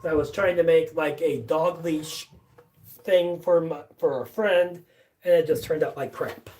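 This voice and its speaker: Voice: mid-range voice, steady tone, a little slow, darkish tone, distant mic. A live-stream host chatting casually from a basement workshop, rambling with lots of fillers and restarts and swearing offhandedly. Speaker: livestream host.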